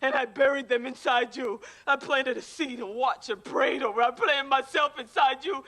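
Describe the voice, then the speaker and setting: A woman's voice: sits high, fairly even intonation, moderate pace, fairly bright tone. An actress playing a long-suffering wife who finally erupts at her husband, raw and tearful. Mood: anguished. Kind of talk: film drama dialogue.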